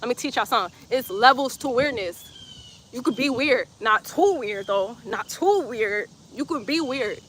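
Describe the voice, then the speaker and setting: Playful, bright-voiced woman streaming outdoors. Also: fairly high pitch, animated, normal speed, a little hiss or hum. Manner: playful, teasing, laughs often, repeats phrases. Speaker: livestreamer reading chat comments. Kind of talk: casual livestream chat. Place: outdoors in sunlight.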